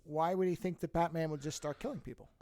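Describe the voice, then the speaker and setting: Curious man with a slightly high voice. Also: fairly even intonation, fast, darkish tone, dry recording. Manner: stammers on restarts, curious interjections. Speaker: podcast co-host. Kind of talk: casual chat, asking questions.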